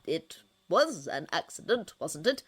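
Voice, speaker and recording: Woman doing a smooth-talking old wizard guy, patronizing and calm, fanfic reading. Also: fairly low pitch, measured pace, full character voice. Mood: coaxing. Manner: coaxing, patient, condescending. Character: smooth-talking older male ruler, patronizing.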